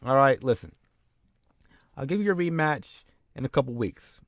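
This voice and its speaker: A man's voice: mid-range voice, animated, moderate pace, no echo, voice pushed up, close to an everyday voice. A man doing a fussy, pleading wrestling boss. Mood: placating. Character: nervous placating male wrestling boss.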